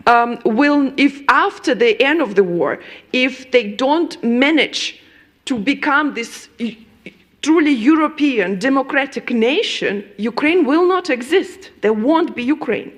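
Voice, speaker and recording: Hesitant woman, higher voice. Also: animated, unhurried. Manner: hesitant, searching for words. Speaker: panelist. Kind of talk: conference panel remarks.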